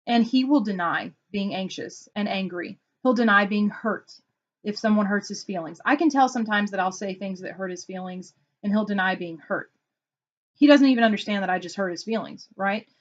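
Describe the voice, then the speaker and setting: Speaking at a normal speed with a medium pitch, a woman consultant explains Enneagram personality types in a casual vlog. She acts out quotes while telling stories in an animated way, all in lo-fi sound.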